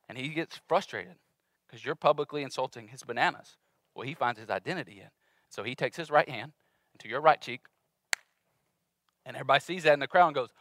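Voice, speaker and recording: A male pastor in his thirties preaching a sermon in a conversational, animated way, acting out little voices in his stories. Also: a little high, fast talker, no echo.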